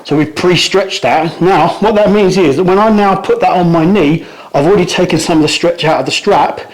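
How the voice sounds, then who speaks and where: A man's voice: high voice, brisk. A man coaching a hands-on demonstration, explaining each step and a little out of breath from the effort. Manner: instructive, step-by-step, trails off quietly at phrase ends. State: out of breath from pulling. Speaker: strength coach. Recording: echoey room.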